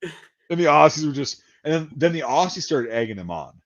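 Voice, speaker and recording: A man's voice: fairly high pitch, very animated, moderate pace, dull audio. A man telling a rambling, profane story in casual chat, acting out the lines of the people in it. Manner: profane, rambling anecdotes with acted-out quotes.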